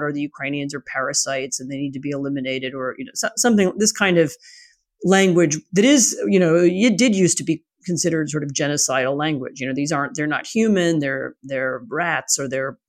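A woman guest answering interview questions in a measured, thoughtful way, with many 'you know' fillers. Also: deep voice. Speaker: guest, writer.

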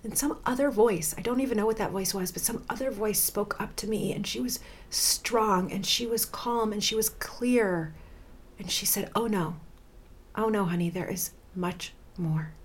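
A woman's voice: mid-range voice, moderate pace, breathy edge. A woman in her thirties talks straight into a close podcast mic as a life coach. Her delivery is candid and emphatic, and she swears without hesitation. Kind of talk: personal podcast monologue.

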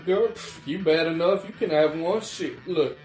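A man's voice: on the high side, unhurried, a little mellow, echoey room, soft background music, lightly acted. A man voicing a brash, swaggering streetwise man who boasts in slang and hands out glow sticks.

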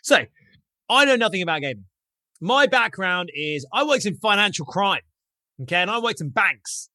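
A man's voice: sits high, big pitch swings, moderate pace, bright, forceful tone, no echo, studio quality. A man in his thirties with an English accent, telling his founder story in a self-mocking, punchy way. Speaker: startup founder, guest. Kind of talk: casual storytelling interview.

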